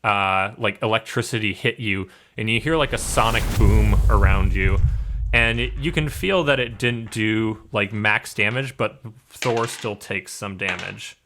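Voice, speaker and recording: A young man narrating as game master, describing scenes in a relaxed way with many fillers. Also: fairly low pitch, a little slow, noisy background.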